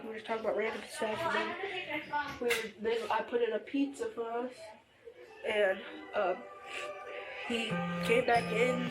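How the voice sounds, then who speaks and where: A teenage girl inside her family home telling a deputy what happened, halting and rambling with many fillers and restarts, picked up by an officer's body camera. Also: on the high side, rough recording. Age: teens. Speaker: family member reporting to deputy. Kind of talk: recounting events to police.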